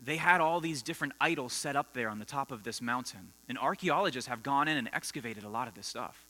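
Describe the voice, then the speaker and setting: A man's voice: medium pitch, lively intonation, fast, sharp tone. A man preaching a conversational sermon to students, telling stories and quizzing the audience. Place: school assembly hall. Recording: long hall reverb with mains hum.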